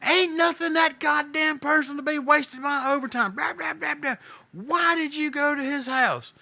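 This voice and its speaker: A man's voice: very high-pitched, normal speed, gravelly, pitched above the performer's own voice, heavily acted. A man putting on the voice of a furious male boss who curses and screams at him. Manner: shouting, cursing.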